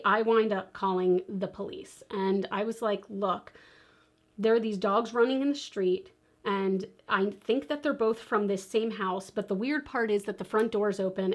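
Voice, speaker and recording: A young woman with a slightly high voice tells a long personal story while doing her makeup. She talks in a lively, casual way and mimics the people she quotes. Her laughter breaks in here and there. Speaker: beauty vlogger.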